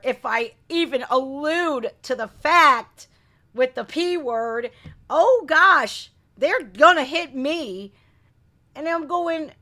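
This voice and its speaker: A woman's voice: high voice, sharp tone. A woman hosting a live reaction stream, ranting indignantly with swearing and rhetorical questions. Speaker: reaction channel host. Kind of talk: heated live commentary.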